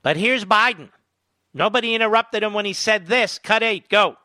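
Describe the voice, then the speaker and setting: Speaking at normal speed in a high-sitting voice, a political talk show host delivers a combative monologue into his studio microphone. He grows indignant and emphatic until he reaches loud outrage, with no echo in the audio.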